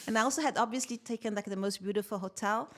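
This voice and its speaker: Lively woman telling a story. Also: a little high, brisk. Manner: animated, laughs often while telling stories. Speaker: podcast guest, tech founder. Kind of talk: casual interview storytelling.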